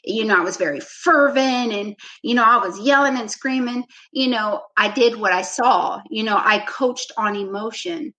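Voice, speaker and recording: Her voice sits a little high, moving at a moderate pace with hardly any pauses, and the recording is rough. A basketball coach guesting on a podcast, she relaxes into a reflective story during the interview, acting out her past lines and often saying "you know."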